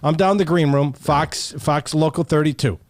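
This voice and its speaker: Man, mortgage pro guest, emphatic storyteller, slightly high voice. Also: moderate pace. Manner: emphatic, repeats himself, acts out quotes. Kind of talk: animated talk-show storytelling.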